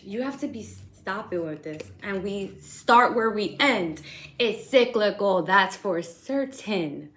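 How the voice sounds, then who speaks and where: A young woman giving a casual tarot reading, talking excitedly and rambling with lots of slang and fillers. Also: on the low side, reverberant. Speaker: tarot reader.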